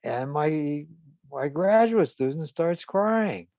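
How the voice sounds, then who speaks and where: Older male therapist, gravel in the voice, halting storyteller, dry close sound. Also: a little high, animated, no echo. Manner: halting, with frequent restarts and soft laughs. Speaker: psychotherapist. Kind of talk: reflective storytelling in a group session.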